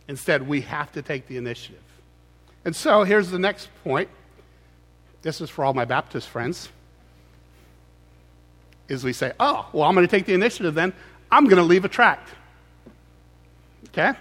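Teasing male preacher in a big hall. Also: on the high side. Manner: conversational, teasing, animated asides. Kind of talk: humorous sermon.

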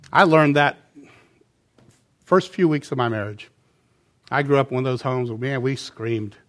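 A middle-aged man preaching a sermon, animated, swinging between loud emphasis and quiet asides. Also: mid-range voice. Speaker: pastor.

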